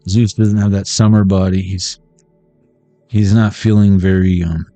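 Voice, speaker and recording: A middle-aged man streams a playful card reading, riffing with jokes and pop-culture asides. His low, mellow voice moves little in pitch and runs a little slow. The recording is dry, with soft music behind.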